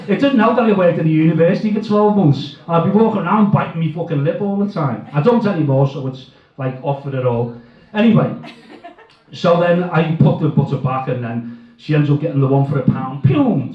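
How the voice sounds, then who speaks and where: A man's voice: on the high side, lively intonation, fairly quick. A middle-aged man doing a crude, self-mocking stand-up set full of swearing. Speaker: stand-up comedian. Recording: echoey, distant, dull live sound.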